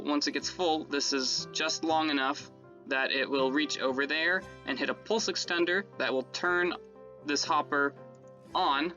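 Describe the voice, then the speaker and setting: A Minecraft let's-play creator with a fairly high, sharp voice gives casual commentary while building. He rambles and corrects himself as he explains his setup to viewers, and the recording is muffled.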